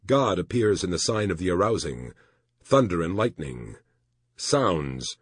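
A man narrating an audiobook in an expressive storytelling manner. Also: sits low, a little slow, breathy edge, no room sound, studio quality.

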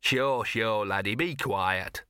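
A man's voice: fairly low pitch, takes it slowly, pushed and bright, no room sound, studio quality. A man doing a grumpy, sardonic old dog. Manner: gruff, sardonic, muttering. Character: grumpy old arthritic male street dog.

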